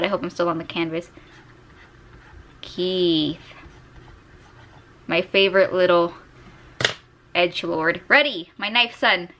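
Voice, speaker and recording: Her medium-pitched voice has a sharp tone as this young woman vlogs casually while drawing. Chatty and giggly, the art vlogger gushes about her favorite characters into a desk USB microphone.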